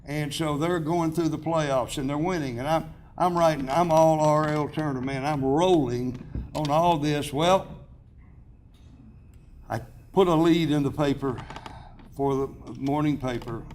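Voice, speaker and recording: A man's voice: fairly high pitch, unhurried, a little mellow, slight background noise. A man in his seventies giving an award acceptance speech, telling chatty self-deprecating anecdotes with restarts and chuckles at a podium microphone in a banquet hall.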